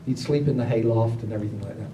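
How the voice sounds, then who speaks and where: Man telling stories, very dark voice. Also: fairly low pitch, rapid-fire. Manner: animated, acts out other people's lines in raised voices. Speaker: storyteller at a gathering. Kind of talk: casual spoken storytelling. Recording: roomy, distant mic, faint background noise.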